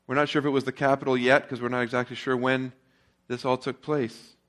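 A male pastor preaching a sermon in a relaxed, conversational storytelling way. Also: medium pitch, a little fast.

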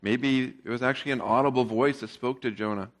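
A male pastor preaching a sermon in a relaxed, conversational storytelling way. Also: mid-range voice, a little fast.

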